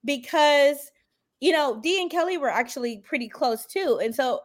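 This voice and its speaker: Woman guest, bright high register, lively raconteur who performs the dialogue in her anecdotes, casual interview. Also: moderate pace. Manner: animated storytelling, acting out quoted dialogue; emphatic, swings up sharply when excited. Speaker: reality show contestant guest.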